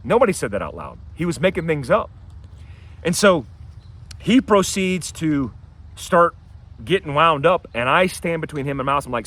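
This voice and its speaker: Animated man telling a story outdoors. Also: fairly high pitch, moderate pace. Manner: animated, acts out quotes in a raised voice. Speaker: vlogger telling a personal story. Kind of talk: casual storytelling to camera. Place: outdoors by his house and driveway.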